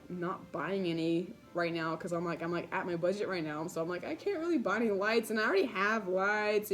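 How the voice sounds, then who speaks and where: A young woman in a casual vlog, bubbly and giggly, filling her story with "like" and laughter, excited and caffeinated. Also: mid-range voice. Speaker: vlogger.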